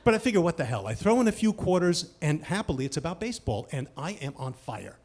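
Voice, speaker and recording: A man telling a funny personal story on stage, self-mocking and lively, dropping to hushed asides and rising to shouted punchlines. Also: on the high side, quick pace. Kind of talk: live comic storytelling.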